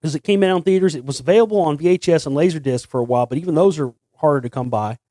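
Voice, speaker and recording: A man's voice: fairly high pitch, very fast, dark tone, dry recording. A man hosting a casual solo talk show, rambling with many restarts and repeated words. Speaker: host. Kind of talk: casual monologue.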